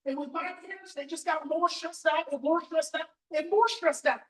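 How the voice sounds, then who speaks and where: A man's voice: extremely high pitch, normal speed, fairly bright tone. A man giving a live parenting seminar, talking with passion and repeating key points for emphasis. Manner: impassioned, emphatic repetition. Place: seminar hall with audience. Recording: echoey hall, distant mic.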